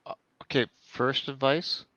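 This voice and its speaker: A man's voice: mid-range voice, fairly even intonation, measured pace, pushed and bright, no room sound, lo-fi sound. A man co-hosting a comedic advice show, giving blunt joking advice. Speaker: co-host. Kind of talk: casual comedic chat.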